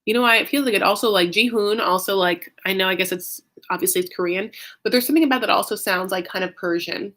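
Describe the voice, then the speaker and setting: A woman's voice: mid-range voice, fast talker, a bit bright. A woman hosting a casual livestream recap, chatting loosely, saying "like" a lot and answering viewer comments. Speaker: recap show host.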